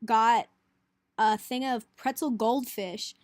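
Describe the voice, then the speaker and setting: A woman's voice: a little high, steady tone, slow, dry recording, clean studio sound. A young woman, a college student, chattily retelling a hectic trip in a casual vlog and acting out the quotes. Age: young adult. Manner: chatty, breathless retelling, lots of "like", acts out quotes.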